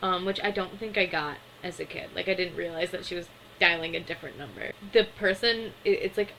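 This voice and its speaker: A woman's voice: lowish voice, fairly quick, creaky, sharp tone, slight background noise, low-quality recording. A young adult woman giving a casual, chatty recap of a cartoon episode, full of fillers and small laughs.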